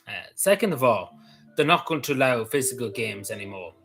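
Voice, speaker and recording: A man's voice: medium pitch, animated, brisk, creaky, fairly bright tone, soft background music, rough recording. A man with a Cavan Irish accent hosting a livestream, chatting casually, rambling and repeating himself as he answers viewers' messages. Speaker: livestream host.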